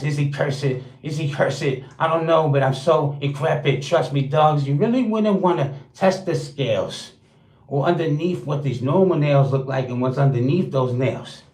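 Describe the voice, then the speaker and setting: A man's voice: mid-range voice, a little mellow. A man hosting his own livestream, rapping a crude, boastful freestyle roast in a rhythmic, rhyming flow. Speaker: livestream host. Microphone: streaming setup. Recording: roomy echo.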